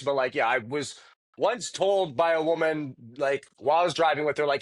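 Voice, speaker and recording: A man's voice: on the high side, fairly quick. A man co-hosting a casual podcast chat, rambling with frequent fillers, restarts and casual swearing. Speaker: podcast co-host.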